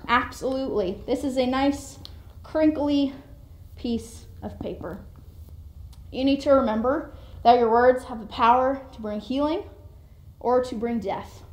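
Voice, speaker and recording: Lively woman preaching, roomy echo. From Canada. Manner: animated, acts out quoted voices with sudden jumps in pitch and volume. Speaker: speaker giving a devotional talk. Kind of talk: sermon-like motivational talk.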